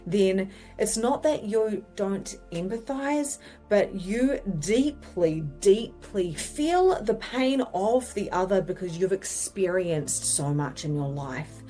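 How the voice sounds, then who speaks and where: A woman's voice: medium pitch, animated, slow, warm tone, faint music behind. A woman psychic medium and spiritual coach teaching in a casual, chatty way, often checking in with "okay?" and now and then swearing bluntly.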